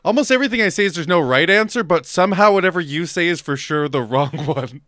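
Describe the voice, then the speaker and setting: A man's voice: a little high, expressive, quick pace, bright, forceful tone, dry recording, clean studio sound. Teasing young man on a podcast. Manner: teasing, laughs often, mock-exasperated. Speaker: podcast co-host. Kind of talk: casual podcast banter.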